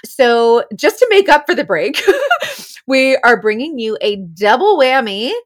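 A woman's voice: high-pitched, big pitch swings. A woman from Florida with a Southern accent, co-hosting a podcast in bubbly casual chat and laughing often. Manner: bubbly, laughs often, drawn-out filler words. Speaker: podcast co-host.

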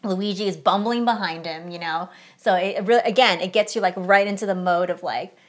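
A woman's voice: mid-range voice, fairly quick. A young adult woman co-hosting a podcast, chatting casually and with energy while reviewing a movie, with lots of "like" fillers. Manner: chatty, animated, frequent "like" fillers. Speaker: podcast co-host.

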